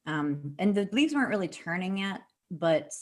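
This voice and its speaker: A woman's voice: on the low side, big pitch swings, normal speed. A woman co-hosting a podcast in casual chat, blunt and swearing freely. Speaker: podcast co-host. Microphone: remote call mic.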